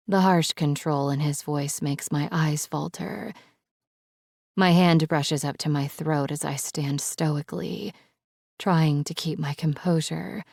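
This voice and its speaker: A woman's voice: sits low, fairly even intonation, takes it slowly, vocal fry, a little mellow, no room sound, studio quality. A woman narrating an audiobook in the first person, with a dramatic, emotional delivery.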